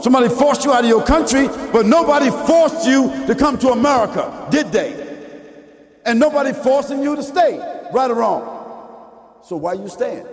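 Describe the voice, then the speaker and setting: A man preaching a lecture-style sermon, emphatic and full of rhetorical questions, sometimes rising to a shout. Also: extremely high pitch. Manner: rises into shouting at peaks. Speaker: Muslim preacher. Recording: echoey hall with long reverb.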